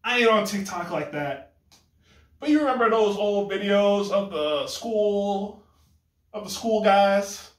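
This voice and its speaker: Casting: high-pitched man, casual and rambling gaming commentary, lots of self-corrections, echoey room sound. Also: takes it slowly. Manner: animated, rambling, self-correcting, acts out lines of dialogue. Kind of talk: casual video game critique.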